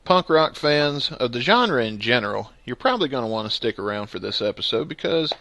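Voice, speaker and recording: A man's voice: medium pitch, lively intonation, a little fast, pushed and bright, a little hiss or hum. A man hosting a casual podcast, joking and upbeat, with a lot of laughter. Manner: jokey and upbeat, laughs often. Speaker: podcast host.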